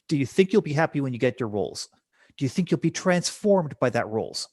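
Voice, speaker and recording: Guy on a podcast telling stories, asks lots of rhetorical questions, slightly husky higher voice, dry sound. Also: very animated, normal speed, a little mellow, no room sound. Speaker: guest. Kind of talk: conversational storytelling.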